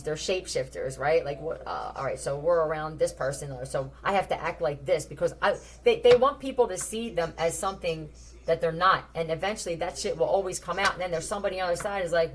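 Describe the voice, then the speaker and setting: A woman with a fairly low voice talks through a tarot reading in a loose, conversational way. She is blunt and swears freely as she thinks aloud. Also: slight background noise. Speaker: tarot reader. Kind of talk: casual tarot reading commentary.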